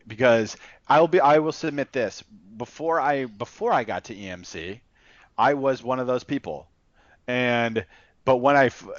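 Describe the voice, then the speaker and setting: A man's voice: mid-range voice, dry recording, highs cut off. A man giving casual, blunt, profane sales advice, talking loosely with lots of fillers. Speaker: enterprise sales rep coaching a colleague.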